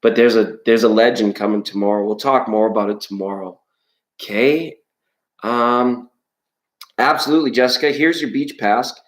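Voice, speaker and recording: A man's voice: mid-range voice, steady tone, moderate pace. A man hosting a live tarot stream, chatting playfully with viewers and sometimes singing scales. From Canada. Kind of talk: casual live-stream chat reading viewer comments. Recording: echoey room.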